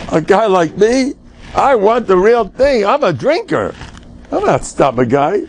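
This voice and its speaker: A man's voice: high-pitched, big pitch swings, takes it slowly, gravelly, a little hiss or hum. An older man, a rabbi giving an informal Torah class, emphatic and joking, mixing in Yiddish and Hebrew words. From United States.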